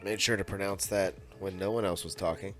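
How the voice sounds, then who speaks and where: A man's voice: low voice, steady tone, fairly quick, a bit bright, soft background music. A man co-hosting a podcast in casual chat, joking and mocking himself with playful banter. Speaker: podcast co-host.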